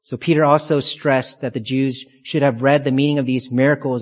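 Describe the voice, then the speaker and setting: A man preaching an expository sermon, emphatic and deliberate, repeating key phrases for weight. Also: medium pitch, little pitch movement. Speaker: pastor. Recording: long reverb of a large hall.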